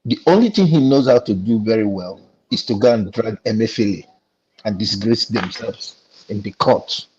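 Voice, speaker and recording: A man's voice: lowish voice, animated, moderate pace, a little mellow, breathy edge, dull audio. A Nigerian man talking with indignation on a discussion panel, telling a story and acting out the dialogue. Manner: indignant, tells stories with quoted dialogue. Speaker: panel guest.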